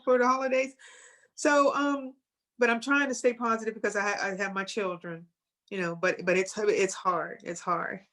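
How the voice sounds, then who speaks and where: Halting, emotional woman. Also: on the high side, fairly bright tone. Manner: halting, emotional, repeats herself. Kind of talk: casual talk show conversation.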